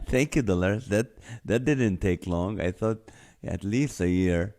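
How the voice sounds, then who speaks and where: A man's voice: lowish voice, measured pace, a little mellow. A middle-aged man hosting a live show, greeting viewers by name and telling a funny story in a chatty way. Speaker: host. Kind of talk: casual live-stream chat.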